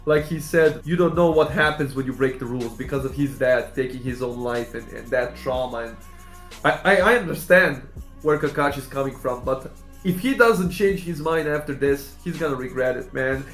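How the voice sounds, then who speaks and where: A man's voice: medium pitch, moderate pace, fairly bright tone, echoey room, soft background music. A man hosting an anime reaction, talking casually in an emotional and exclamatory way, with frequent interjections.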